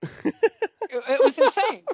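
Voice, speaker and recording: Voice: high voice, very animated, normal speed, rough recording. A panel guest in a casual group chat, talking in a rambling way with many fillers and restarts. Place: Los Angeles.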